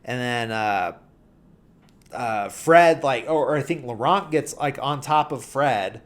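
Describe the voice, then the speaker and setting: A man's voice: medium pitch, animated, slow. A man hosting a podcast, casually recapping a film's plot with lots of fillers and mumbled quoted lines. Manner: rambling, filler-heavy, drops into quiet mumbled quotes. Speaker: podcast host.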